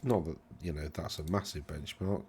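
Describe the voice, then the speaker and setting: A man's voice: very deep voice, normal speed, darkish tone, breathy edge. A man hosting a casual commentary, rambling, correcting himself and brushing things off with wry remarks. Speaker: channel host reviewing game rules.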